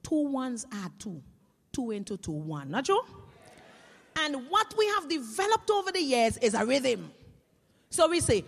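A Vincentian woman, a teacher, telling comic stories to an audience in a lively, animated way. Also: sits high, unhurried, pauses often, in a large hall. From Saint Vincent and the Grenadines. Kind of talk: comic stage storytelling.

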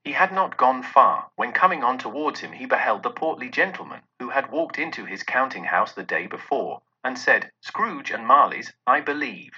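A man narrates a classic tale with expressive, lively storytelling, his pitch rising and falling widely. His tone is sharp and bright but husky, in a dull lo-fi recording. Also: moderate pace, few pauses. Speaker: audiobook narrator. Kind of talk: scripted narration.

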